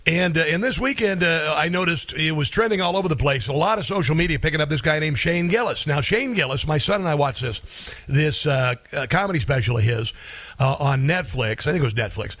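A man's voice: a little high, lively intonation, brisk, fairly bright tone. A middle-aged man hosting a talk radio show, rambling with many fillers. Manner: rambling, filler-heavy delivery.

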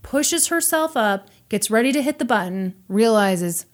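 A woman hosting a podcast, retelling a true crime story in casual chat with animated, sarcastic asides. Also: fairly high pitch, unhurried.

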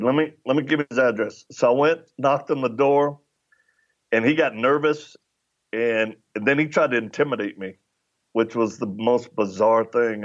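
A man's voice: mid-range voice, dull audio. A middle-aged man, a podcast guest, telling anecdotes in casual conversation and acting out the dialogue as he goes. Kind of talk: conversational storytelling.

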